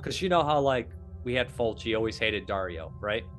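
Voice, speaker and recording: A man's voice: fairly low pitch, normal speed, soft background music. A man hosting a podcast, chatting casually about films, swearing often and breaking into acted-out voices. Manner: animated, swearing, acts out voices. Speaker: podcast host. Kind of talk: casual chat.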